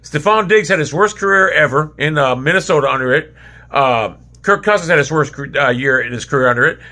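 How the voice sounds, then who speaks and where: A man's voice: a little high, fairly quick, bright, forceful tone. A man ranting angrily as a football fan, heated and profane, repeating himself as he vents. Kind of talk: angry sports rant.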